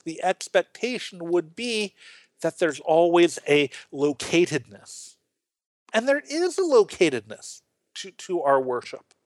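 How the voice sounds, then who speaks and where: A man hosting a casual Bible study talk, animated and full of restarts, playfully acting out voices as he tells stories. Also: fairly high pitch, dry recording. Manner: animated, acts out quoted voices, frequent restarts. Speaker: podcast host teaching the Bible.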